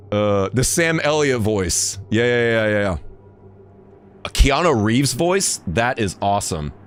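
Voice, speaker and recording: A man's voice: medium pitch, very animated, a little slow, faint music behind. A man streaming live in casual chat, jokey and rambling, laughing often and restarting his words.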